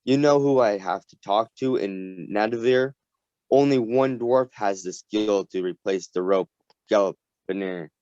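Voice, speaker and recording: A man's voice: fairly low pitch, a little slow, mellow, dry recording, natural voice. A man voicing a grumpy, wary dwarf son in a read-aloud story, curt and grudging in manner. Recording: dull lo-fi recording.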